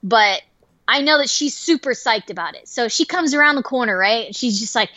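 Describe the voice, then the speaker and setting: Animated high-voiced woman telling a story. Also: normal speed, dry recording. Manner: animated, profane, full of 'like' and 'right?'. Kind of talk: casual storytelling. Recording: dull dry lo-fi sound.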